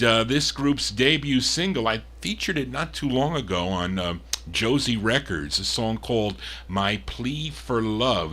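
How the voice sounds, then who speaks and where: A man's voice: mid-range voice, fairly bright tone. Chatty male record-show host. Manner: chatty, rambling, corrects himself aloud. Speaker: radio-style show host and record spinner. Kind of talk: casual record show patter.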